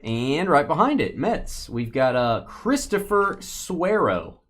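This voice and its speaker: A man's voice: fairly high pitch, slow pace. A man hosting a live card-opening stream, joking and bantering casually with the people in the room and the chat. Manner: playful, joking banter with lively swings.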